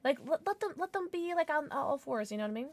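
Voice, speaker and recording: A woman livestreaming her gameplay, talking straight to her chat in a bright, slightly high voice. Her pitch leaps all over the place as she gushes and squeals, then drops back to easy rambling. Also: fast talker, no echo, clean studio sound. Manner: excitable, squealing and gushing, chatty with chat. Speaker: streamer. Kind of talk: live gameplay streaming, chatting with viewers.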